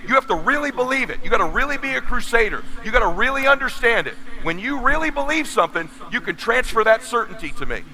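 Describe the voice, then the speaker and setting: A man in his forties giving an intense, preachy motivational stage speech that bursts into shouting. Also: extremely high pitch, big pitch swings, quick pace, hardly any pauses, low-quality recording. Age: 40s. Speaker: motivational speaker.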